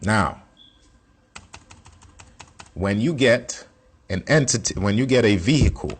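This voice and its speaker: A man's voice: fairly low pitch, expressive, takes it slowly, slightly rough. A man teaching casually, in a blunt and slangy way with plenty of swearing, repeating his points as he walks through a screen share. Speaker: self-taught investing teacher.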